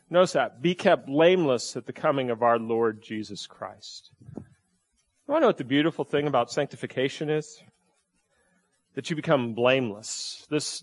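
A male pastor giving a sermon in a conversational way, asking the congregation many rhetorical questions and often repeating and restarting phrases. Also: a little high.

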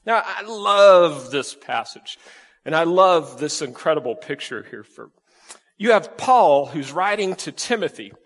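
Animated preaching man, slightly high voice. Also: a little slow, long reverb tail. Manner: animated, conversational preaching with rhetorical questions. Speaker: pastor. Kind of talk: sermon.

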